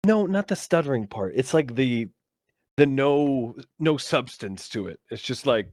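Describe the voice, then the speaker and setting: A man's voice: mid-range voice, animated, a little slow, darkish tone, no room sound. Young male co-host, casual rambling chat, swears a lot, close dry mic. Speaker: podcast co-host.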